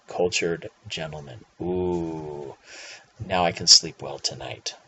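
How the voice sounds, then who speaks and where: A man's voice: medium pitch, slightly rough. A male English teacher giving a recorded writing lesson, playful, with theatrical asides and mock outrage. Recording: dull lo-fi voice recording.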